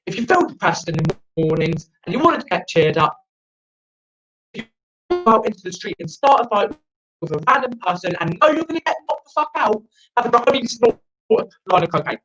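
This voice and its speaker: A man's voice: sits high, sing-song, moderate pace, fairly bright tone, poor audio. Ranting sweary man from South Africa. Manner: profane, rambling, ranting. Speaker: stand-up comedian. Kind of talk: online open-mic stand-up. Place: friend's house, indoors. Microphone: video call.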